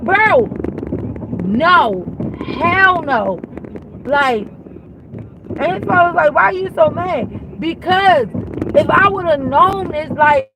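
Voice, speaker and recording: A woman telling a heated, profane storytime rant while in her car, repeating herself. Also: sits high. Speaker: vlogger. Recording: car noise behind voice.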